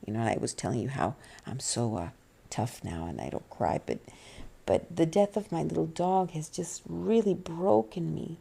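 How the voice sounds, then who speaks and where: A middle-aged woman with a low, gravelly voice and a mellow, dark tone rambles through a personal vlog from a small room at home. She sounds close to tears and trips over herself with restarts and fillers. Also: lively intonation, normal speed. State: tearful, on the verge of crying. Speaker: vlogger. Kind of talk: personal confessional vlog, soft-spoken.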